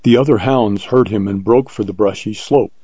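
A man reading an adventure story aloud in a measured, vivid way, on a dull lo-fi recording. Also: on the low side, dark tone, husky, no room sound. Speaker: narrator. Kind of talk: scripted narration of an adventure story.

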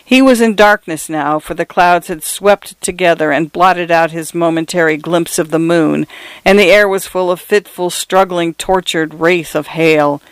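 A man narrating a story in a measured, descriptive reading, sometimes turning to speak directly to the listener. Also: on the high side, steady tone, clean tone, dry recording.

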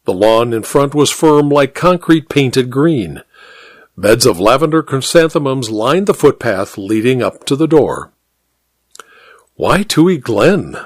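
A man narrating a first-person story in a measured, wry storytelling manner. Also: medium pitch, no room sound, studio quality.

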